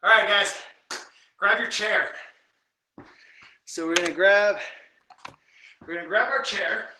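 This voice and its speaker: Male strength coach leading a live home workout. High, bright voice that counts reps and coaches form, recorded in a very echoey room from a distance. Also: takes it slowly, noisy background. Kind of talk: live guided workout instruction. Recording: very echoey room, voice from away from the mic.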